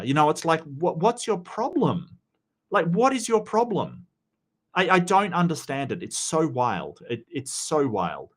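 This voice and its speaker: A man's voice: mid-range voice, fairly bright tone. A man giving casual commentary on video clips, rambling and often stammering as he restarts his sentences. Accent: non-American.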